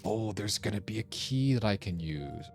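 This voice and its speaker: A man's voice: fairly low pitch, lively intonation, moderate pace, over music. A young man streaming a puzzle game, thinking aloud as he works through its clues. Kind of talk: casual gameplay commentary.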